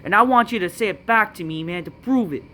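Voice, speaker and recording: A man's voice: sits high, fast, bright, forceful tone, a little hiss or hum, voice pushed up. A man mocking an earnest male wrestler in a raised, whiny voice.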